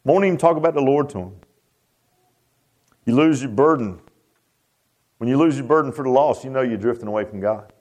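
A man preaching a Baptist sermon in a folksy, animated way, often stammering and restarting. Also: mid-range voice, a little fast, pauses often. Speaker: Baptist pastor.

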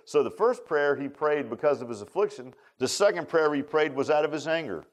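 Animated preacher man. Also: a little fast, few pauses. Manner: folksy, animated preaching with shifts from loud to low. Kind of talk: sermon.

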